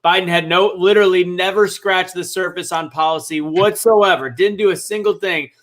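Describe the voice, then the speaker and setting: A man with a fairly high, bright and tense voice argues politics. He keeps breaking off and restarting his sentences out of frustration. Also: moderate pace. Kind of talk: heated political discussion.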